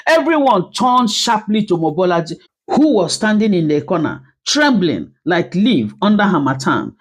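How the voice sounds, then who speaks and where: Expressive woman telling a story. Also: lowish voice, normal speed, husky. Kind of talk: story narration.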